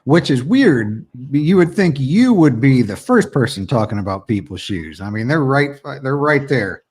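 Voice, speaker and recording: A man's voice: medium pitch, very animated, a little slow, a little mellow, slightly rough. A man co-hosting a podcast in casual chat, teasing his co-host with profane banter.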